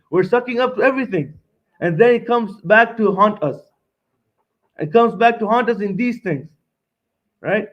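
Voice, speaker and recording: A young man lectures a seminar audience in a fairly high voice, pressing each point and circling back to repeat it. He keeps checking in with a quick "right?" between lines. The recording is dull and lo-fi. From Montreal, Canada.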